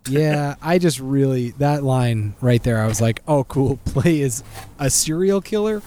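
Animated laughing podcast guy. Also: a little slow. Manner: animated, laughs often, jumps to high pitch for jokes. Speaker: podcast host. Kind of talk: casual chat.

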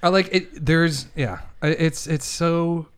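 A man's voice: on the high side, slow, clean tone. A young man hosting a podcast, ranting heatedly and swearing in casual chat. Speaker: podcast host.

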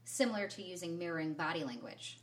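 A woman's voice: lowish voice, lively intonation, fast, a little hiss or hum. A woman co-hosting a podcast, chatting casually with playful, jokey asides. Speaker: podcast co-host. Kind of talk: casual chat.

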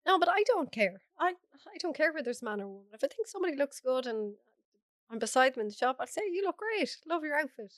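Hoarse, frank Irish woman. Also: high voice, lively intonation, quick pace, a bit bright, no echo, clean studio sound. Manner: frank, chatty, laughs often. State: hoarse from a cold. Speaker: guest. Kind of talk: casual interview chat.

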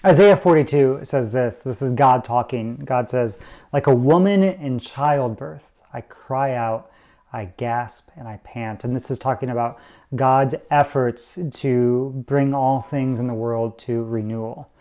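A male pastor giving a sermon in a conversational way, often pausing with "uh" and correcting himself mid-sentence. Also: medium pitch, darkish tone. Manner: conversational preaching with frequent "uh" fillers and self-corrections.

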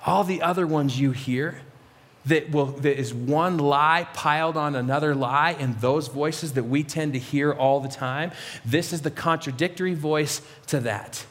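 A man with a notably high voice preaches a sermon, earnest and emphatic as he addresses his congregation. His words ring out with a long reverb, as if in a large hall. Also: measured pace, a bit bright. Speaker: pastor.

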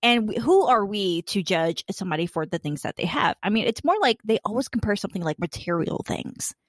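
A woman's voice: mid-range voice, expressive, brisk, no echo, clean studio sound. A woman hosting a podcast in casual chat, candid and emphatic. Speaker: podcast host. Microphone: studio mic.

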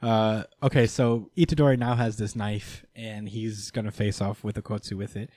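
A man's voice: lowish voice, moderate pace, dry recording, studio quality. Man recapping a story, acting out lines. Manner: animated storytelling, acts out characters' lines, swears. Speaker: podcast host recapping manga. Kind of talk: casual chat.

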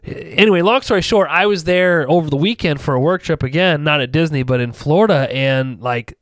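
Animated, cursing man telling stories. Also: fairly high pitch, brisk, no room sound. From Ohio. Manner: animated, profane storytelling with acted-out quotes. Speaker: podcast co-host. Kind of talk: casual storytelling chat.

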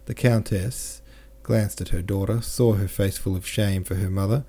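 A man's voice: lowish voice, steady tone, moderate pace, warm tone, breathy edge. A man narrating a classic novel aloud, reading the dialogue with mild shifts in tone for each character. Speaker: audiobook narrator.

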